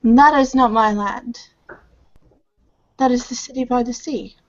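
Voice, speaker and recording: A woman's voice: a little high, a little slow. A woman narrating a tabletop game as game master, describing scenes vividly and mimicking sounds. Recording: dull lo-fi recording.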